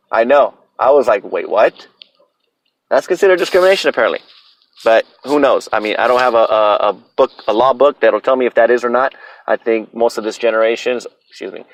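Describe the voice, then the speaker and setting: A man's voice: medium pitch, no echo, rough recording. A man in his thirties hosting a solo podcast, ranting bluntly and profanely about his opinions. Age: 30s. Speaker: podcast host.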